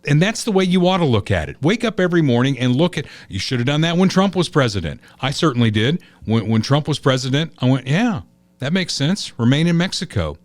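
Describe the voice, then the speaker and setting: A man's voice: medium pitch, big pitch swings, fast, few pauses, no room sound. A man hosts a political talk show in an easy, storytelling way. His voice sits in a middle range and is recorded dry and close, with no room sound. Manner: chatty, storytelling, opinionated. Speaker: podcast host.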